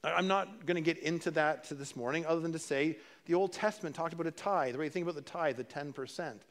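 Male pastor, slightly higher voice, chatty preaching with restarts and dry humor. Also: quick pace. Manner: conversational preaching with repeated words and restarts. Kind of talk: sermon.

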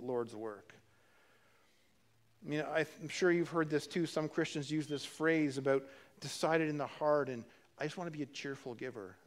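A man preaching a sermon in a conversational way, often repeating words and restarting phrases, with dry humorous asides. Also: a little high. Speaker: pastor.

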